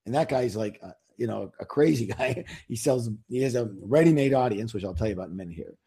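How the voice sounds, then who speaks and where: A man's voice: medium pitch, animated, quick pace, mellow, husky. A man, an author, talking as an interview guest in a casual, emphatic, salesy way, firing rhetorical questions at listeners.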